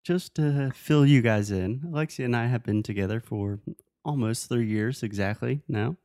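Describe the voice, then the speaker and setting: A man's voice: medium pitch, moderate pace, dark tone, dry recording, clean studio sound. A man co-hosting a casual chat, patiently and playfully coaching his partner's English pronunciation. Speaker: co-host teaching English. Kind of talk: casual language-lesson chat.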